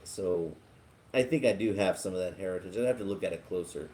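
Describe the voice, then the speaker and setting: A man's voice: low-pitched, brisk, darkish tone. A man hosting a casual live stream, chatting and laughing as he reads viewer comments aloud. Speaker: livestream host.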